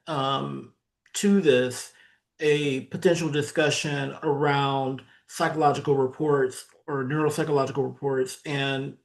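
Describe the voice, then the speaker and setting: A man chairing a committee meeting, speaking in a measured, hesitant way with dry humor. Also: mid-range voice, gravelly. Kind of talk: meeting discussion.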